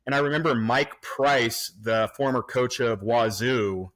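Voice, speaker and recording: A man in his thirties from the Pacific Northwest, a podcast guest recorded remotely, reminiscing in a relaxed way with plenty of fillers and restarts. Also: mid-range voice, a little slow. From Pacific Northwest, USA. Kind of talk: casual remote podcast chat. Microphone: remote recording, podcast mic.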